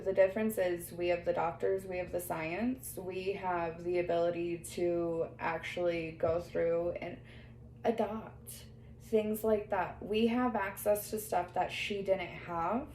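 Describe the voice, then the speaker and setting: A woman's voice: lowish voice, dark tone. A woman working as a medium who relays what a spirit tells her during a reading, quoting the spirit and breaking into laughter now and then. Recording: echoey room, faint background noise.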